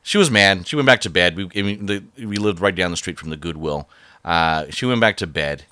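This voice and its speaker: Brief: man, very low voice, rambling casual storyteller, dry close sound. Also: sharp tone, no room sound. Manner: rambling, halting, many fillers and restarts.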